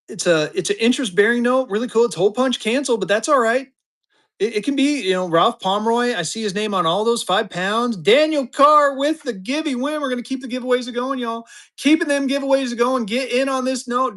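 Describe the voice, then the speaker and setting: A man's voice: extremely high pitch, fairly bright tone. A man in his fifties running a live-stream auction, with chatty, upbeat patter that hypes the bids. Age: 50s.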